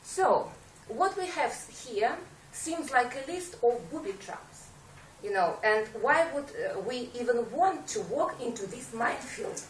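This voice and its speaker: A fairly high-voiced woman gives a prepared speech to a speaking club. She pauses often on fillers and slips in dry, self-mocking jokes. She is picked up from a distance in an echoey meeting room with faint background ambience. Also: expressive, slight background noise. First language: Russian. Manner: hesitant, many fillers, wry self-mocking humor.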